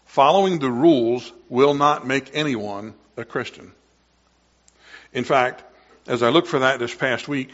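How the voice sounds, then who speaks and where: A man preaching a sermon as pastor, earnest and emphatic, slowing down to stress key words. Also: medium pitch, muffled recording.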